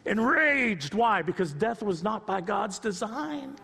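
A man in his sixties preaching a sermon off the cuff, moving from quiet storytelling to impassioned rising appeals. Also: sits high, lively intonation, a little slow, gravelly, slightly rough, in a large hall. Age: 60s. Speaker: pastor.

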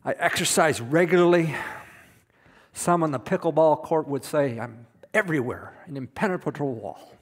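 A man's voice: fairly high pitch, normal speed. A middle-aged man preaching a sermon as a pastor, emphatic, repeating words for stress. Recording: long reverb of a hall.

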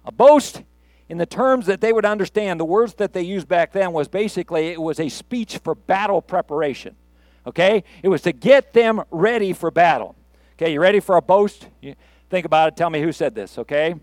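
A middle-aged pastor delivers a sermon with a fairly high voice, speaking conversationally and with humor before building to rousing emphasis. The sound is dry and close, with no room echo. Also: male voice, expressive, a little fast, darkish tone.

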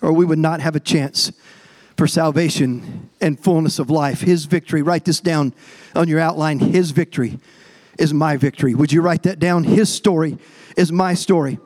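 A man's voice: fairly high pitch, fairly even intonation, moderate pace, darkish tone. A male pastor preaching a sermon to his congregation, emphatic and repetitive, often calling out directly to the people in front of him. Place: church service before a congregation.

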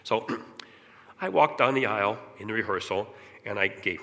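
A middle-aged man giving an earnest personal testimony in church, often clearing his throat as he talks. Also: lowish voice, normal speed, a bit bright. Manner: earnest, candid storytelling. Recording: long reverb of a large hall.

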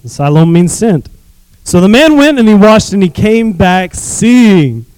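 A man preaching as a youth pastor, reading scripture with animated asides and calling on the congregation to repeat phrases. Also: sits high, a little slow, smooth, no echo, low-quality recording.

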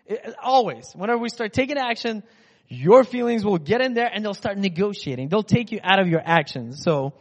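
A man from Russia with a notably high voice preaches in a loose, rambling, conversational way, as though chatting with the congregation. His voice trails off into a long hall echo, and the recording sounds dull and muffled. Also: expressive, fairly quick. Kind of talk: casual conversational sermon.

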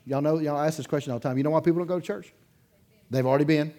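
A man preaching a sermon as pastor in his church, telling a story in a loose, conversational way, chuckling between sentences and swinging from loud bursts to quiet asides. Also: fairly high pitch, rapid-fire. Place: church sanctuary, in front of a congregation.

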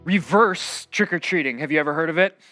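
A man's voice: fairly high pitch, fairly quick, over music. A male pastor giving a conversational sermon, telling stories casually with fillers and restarts. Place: church.

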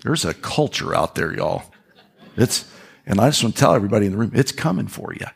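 A man preaching a sermon as pastor, hoarse from a throat problem, talking conversationally with restarts and asides. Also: lowish voice, sing-song, fairly quick. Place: church.

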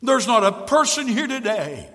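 A male pastor preaching a sermon in a church, swinging from loud emphatic lines to hushed ones. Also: very high-pitched, sing-song, normal speed, in a large hall. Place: church sanctuary.

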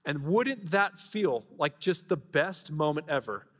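Animated preaching man in a reverberant hall. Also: a little high, unhurried. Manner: conversational, animated preaching with rhetorical questions. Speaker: pastor. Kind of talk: sermon.

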